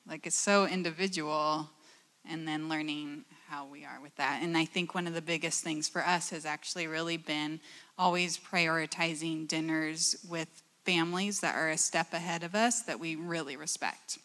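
Reflective woman with a bright, lowish voice. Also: steady tone, moderate pace. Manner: reflective, searches for words. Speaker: church panel guest. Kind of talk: candid church panel conversation.

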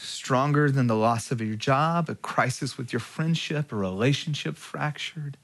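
A man's voice: medium pitch, normal speed, fairly bright tone. A man preaching a sermon as pastor, earnest, with rhetorical questions and strong emphasis.

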